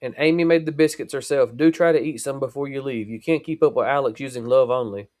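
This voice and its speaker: A man reading aloud and voicing a middle-aged mother who chides gently but firmly. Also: medium pitch, quick pace, close to an everyday voice. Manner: gently chiding.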